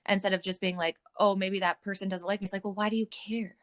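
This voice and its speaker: A woman's voice: medium pitch, level tone, fast. Candid, laughing woman podcast host. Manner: candid and swears freely, laughs often. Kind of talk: casual podcast chat.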